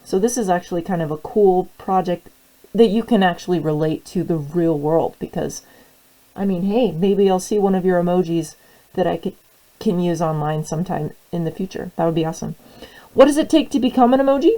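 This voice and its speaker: A woman's voice: fairly low pitch, steady tone, a little fast, mellow, rough recording. A young woman teacher with the hiccups, giving a casual classroom tutorial in a friendly, rambling way. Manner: friendly, rambling with fillers and restarts. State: has the hiccups.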